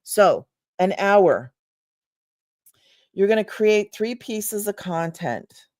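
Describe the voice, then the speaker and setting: A woman's voice: medium pitch, lively intonation, takes it slowly, a little mellow. A middle-aged woman teaching in a loose, chatty livestream, laughing often and wandering off topic before pulling herself back. The sound is dry and close, with no room echo. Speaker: online business coach. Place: home room.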